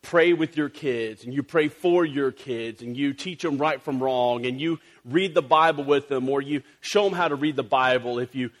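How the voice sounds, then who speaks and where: A man preaching a sermon as a pastor to his church, telling a story in a conversational, animated way, with fillers and asides. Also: mid-range voice, moderate pace, hardly any pauses. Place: church service.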